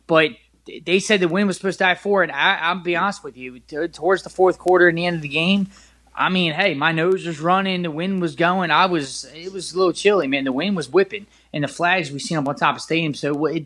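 Excitable man retelling a game. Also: fairly high pitch. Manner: excitable storyteller, many restarts and "like"s. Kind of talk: casual sports talk.

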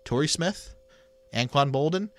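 A man's voice: a little high, animated, measured pace. A man co-hosting a casual sports talk show, making his case by asking questions and answering them himself. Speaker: sports podcast co-host.

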